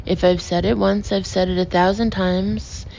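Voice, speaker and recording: A woman reading the part of an indignant older man, a pompous travel writer who blusters loudly. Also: medium pitch, flat delivery, normal speed, vocal fry, highs cut off, slight background noise, lightly acted. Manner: blustering, raised voice.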